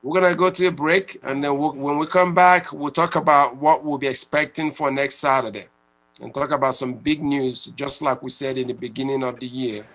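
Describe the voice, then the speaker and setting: A man's voice: medium pitch, fairly even intonation, moderate pace, fairly bright tone, rough recording. Man hosting a radio talk show. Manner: conversational, with restarts and repeated words.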